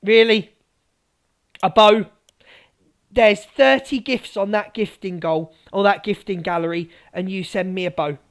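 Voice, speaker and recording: A woman's voice: medium pitch, steady tone, unhurried, long pauses. A woman ranting angrily at viewers on a live stream, swearing and repeating herself.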